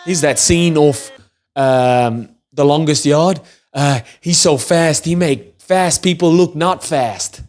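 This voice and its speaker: A young man hosting his own channel, giving a casual, enthusiastic match review with loose, chatty phrasing and excited exclamations. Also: a little high, slow. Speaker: rugby channel host.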